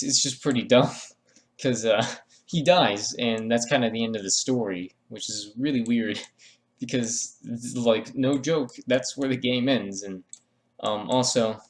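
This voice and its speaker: A man narrates a drawing tutorial at a middle pitch, rambling along with jokes. He keeps circling back with restarts and fillers, in a loose, offhand voice-over. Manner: meandering, joking, lots of fillers and restarts. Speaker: art tutorial creator.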